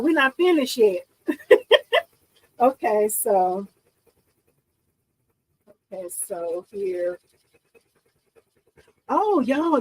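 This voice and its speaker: High-pitched woman, bubbly chatty livestream host. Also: slightly rough, poor audio. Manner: bubbly, excitable, chatty, often laughing. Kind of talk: casual live-stream chat with viewers.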